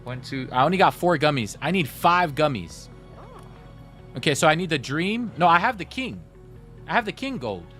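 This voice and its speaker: A man's voice: on the high side, very animated, moderate pace, fairly bright tone, faint music behind. A man streaming live, chatting casually with his viewers and telling stories straight to chat. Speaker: gaming livestreamer.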